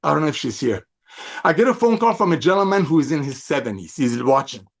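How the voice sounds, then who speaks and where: A middle-aged man with a fairly high-pitched voice speaks over a video call. As a company executive, he delivers an effusive, emphatic sales pep talk with a preacher-like swing to it. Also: sing-song, quick pace, creaky.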